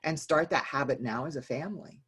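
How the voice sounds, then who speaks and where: A woman guest on a podcast interview, talking in an animated way and repeating words when she gets excited. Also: low voice, a little fast, husky. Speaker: guest educator. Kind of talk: casual conversational interview.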